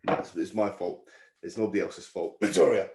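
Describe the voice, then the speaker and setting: Guy doing podcast banter, kinda low voice, roomy echo. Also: moderate pace, gravelly, darkish tone. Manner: teasing, joking banter. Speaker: podcast host. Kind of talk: casual podcast chat. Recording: echoey room.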